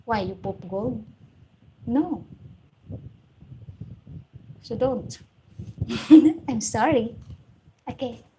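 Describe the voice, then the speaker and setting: A woman's voice: a little high, extremely slow, long pauses, warm tone, a little hiss or hum. A woman with a Filipino accent hosting a live stream, blunt and preachy as she answers viewer comments. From Philippines. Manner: blunt, preachy, straight-talking. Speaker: host.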